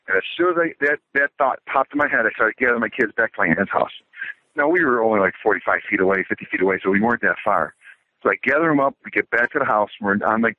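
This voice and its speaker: A middle-aged man with a lowish voice calls in and tells a story in a casual, matter-of-fact way, like a military report. The recording is dry and comes through a tinny phone line.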